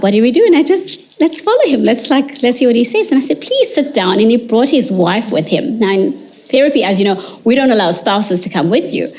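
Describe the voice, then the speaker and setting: A woman, an educational psychologist, telling a story to an audience and acting out the dialogue. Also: on the high side. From South Africa. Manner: animated, acts out quoted dialogue.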